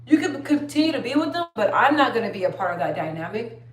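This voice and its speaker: A woman's voice: on the high side, big pitch swings, fast talker. A young woman chatting casually on a livestream, telling stories and reading viewer comments aloud. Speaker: livestream host. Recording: roomy sound, distant from the mic.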